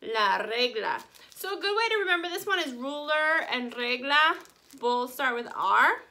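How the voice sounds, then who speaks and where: A woman teaching a Spanish class to children on video, saying each word slowly and carefully and cheering the class on. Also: sits high, bright, forceful tone. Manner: slow, careful modeling of Spanish words; cheerful, encouraging teacher talk. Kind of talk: recorded online class for children.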